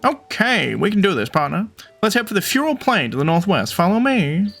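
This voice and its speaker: An eager, jumpy bird reporter from a video game, voiced by a man. His voice sits on the higher side and swings up and down a lot. He calls his companion partner in every other line, all over a faint game soundtrack. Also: sing-song, a little fast, vocal fry, fairly bright tone, soft background music, heavily acted. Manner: upbeat, calls listener partner.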